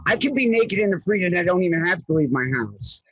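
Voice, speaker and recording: A man's voice: high voice, big pitch swings, quick pace, fairly bright tone, slightly rough, dull audio. A man emceeing a comedy show, self-deprecating and punchy as he introduces acts. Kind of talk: stand-up emcee patter.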